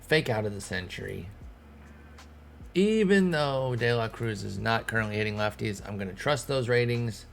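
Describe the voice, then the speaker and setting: Gravelly man musing over a sports game. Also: on the low side, expressive, moderate pace. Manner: thinking aloud, talking to himself and the players. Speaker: gaming streamer. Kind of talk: casual let's-play commentary.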